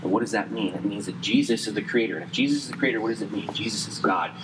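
A man preaching a sermon conversationally, quick in places and slow and emphatic in others, saying he is losing his voice. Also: lowish voice, in a large hall, background noise. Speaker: pastor.

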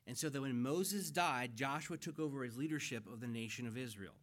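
Inside the church sanctuary, a middle-aged pastor explains scripture in an earnest, conversational sermon, steadily building emphasis. He uses a mid-range, fairly bright voice and talks a little fast.

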